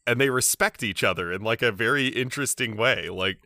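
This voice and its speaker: A man's voice: medium pitch, brisk, sharp tone, no echo, studio quality. A man co-hosting a podcast, chatting casually about an anime episode in a loose, filler-heavy way. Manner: chatty, peppered with filler words. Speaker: podcast co-host. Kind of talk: casual anime recap chat.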